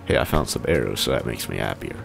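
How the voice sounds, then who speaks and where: A man's voice: rumbling low, animated, fast talker, gravelly. A young man playing a video game with friends, joking and muttering under his breath. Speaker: gamer. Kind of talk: casual gaming chat. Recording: game music behind.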